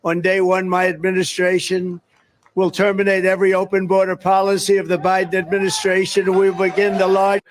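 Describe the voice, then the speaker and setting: A man's voice: high-pitched, monotone, brisk, a little hiss or hum. A man in played clips, giving a political speech in an emphatic, repetitive way. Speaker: speaker in played news clips.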